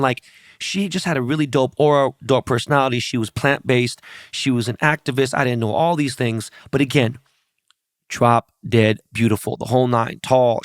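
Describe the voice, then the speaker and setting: A man's voice: mid-range voice, no room sound, studio quality. A man hosting a podcast, telling stories bluntly and with a lot of swearing, often speaking straight to his audience. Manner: profane, blunt storytelling. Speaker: podcast host. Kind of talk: casual podcast conversation.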